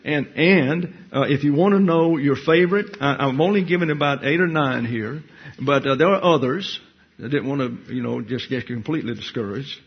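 A man with a gravelly, husky voice works through a Bible lecture at an unhurried, middle pitch. He wanders into wry asides and thinks aloud as he goes. The sound is dull and lo-fi, like an old classroom tape. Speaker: Bible teacher.

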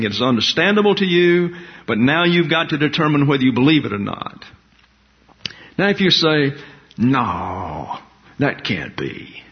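Deliberate male pastor teaching, lo-fi. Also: a little high. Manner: deliberate, explains Greek terms, with asides. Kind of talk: expository Bible teaching sermon. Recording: dull lo-fi recording.

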